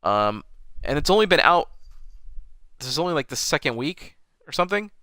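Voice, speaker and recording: A man in the middle of a casual movie review chat, his pitch rising and falling a lot as he talks. His voice is bright and forceful, and the recording is dry and close with almost no room sound. He swears freely as he goes. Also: moderate pace, no echo. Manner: animated, swears and laughs freely. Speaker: movie review podcast co-host.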